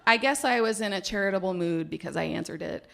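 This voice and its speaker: A woman biologist telling a personal story live on stage, animated and laughing, with hesitations and fillers. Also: medium pitch, quick pace, vocal fry, slight background noise.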